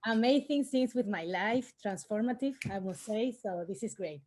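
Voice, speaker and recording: A woman's voice: on the high side, normal speed, darkish tone, slight background noise. A woman from the audience joining live to ask a question, grateful and effusive. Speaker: audience member asking a question.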